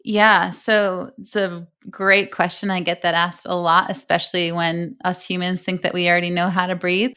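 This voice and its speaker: A woman's voice: fairly low pitch, level tone, moderate pace, hardly any pauses, bright, forceful tone, clear, resonant tone. A young adult woman, a breathwork coach, telling a personal story earnestly in an interview.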